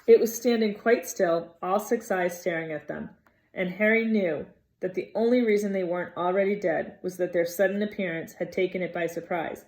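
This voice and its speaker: Expressive woman reading a storybook aloud. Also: on the low side, normal speed. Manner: expressive, dramatic. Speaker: reader.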